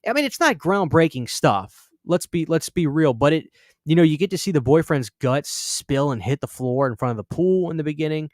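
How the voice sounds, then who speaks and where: Telling a rambling, casual story to his live stream audience, this young horror channel host acts out the voices of people he quotes. He sounds a little high and animated, speaking fairly quickly, in studio-quality audio with no echo.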